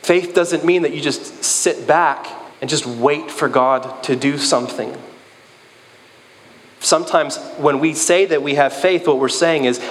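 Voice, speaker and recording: A male preacher delivering a sermon with a loose, joking, conversational delivery, his voice sitting a bit high for a man. A long reverb trails every phrase, as in a big hall. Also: measured pace, slight background noise.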